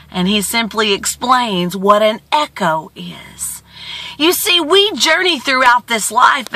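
A woman vlogger giving a motivational talk, expressive and emphatic with a sing-song storytelling manner. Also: a little high, no echo.

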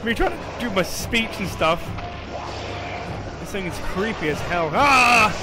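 High-voiced, excitable young man gaming. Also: a little slow. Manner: excitable, profane, joking, shouts at teammates. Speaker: gaming channel host. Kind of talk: live gameplay commentary. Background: game music.

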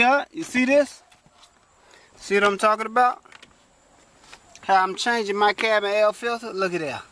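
A man's voice: sits high, a bit bright, a little hiss or hum. A man doing a casual how-to car repair vlog, chatty and exclaiming often as he talks straight to viewers while working inside a parked car. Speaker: vlogger.

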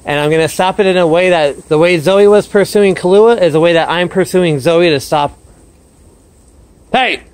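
A man with a high, slightly mellow, clean-toned voice vlogs as a dog trainer in a yard, explaining his dogs' behaviour and calling out their names in an upbeat, casual way. He talks a little fast with few pauses, and the audio is poor.

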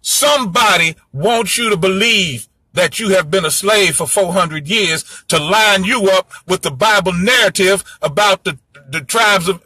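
A man's voice: high-pitched, sharp tone, dry recording. A man giving a heated solo monologue to his audience, ranting in a fiery, profane, preachy way. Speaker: host lecturing his audience.

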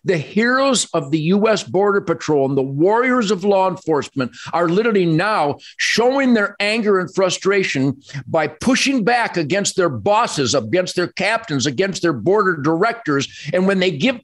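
A man's voice: sits high, sing-song, moderate pace, a bit bright. A man hosting a show, giving impassioned political commentary that piles up emphatic repeated phrases. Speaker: show host.

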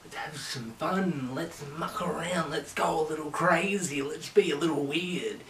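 A man vlogging in a manic, profane comedic rant, swinging between shouting and muttering. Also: fairly high pitch, measured pace. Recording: echoey room, distant mic, noisy.

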